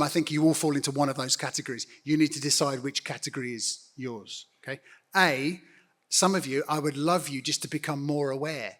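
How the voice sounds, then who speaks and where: A middle-aged man with a voice that sits a little high for a man. He addresses a congregation as a guest leader, earnest and direct, appealing to them to act. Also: fairly bright tone. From United Kingdom. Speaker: guest church network leader. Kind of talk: on-stage interview speaking to a congregation.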